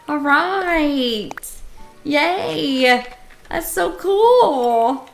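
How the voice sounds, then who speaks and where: Bright, unhurried, excitable woman streamer. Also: high voice, soft background music. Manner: excitable, gushing exclamations. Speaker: game streamer. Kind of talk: casual live-stream chat while playing.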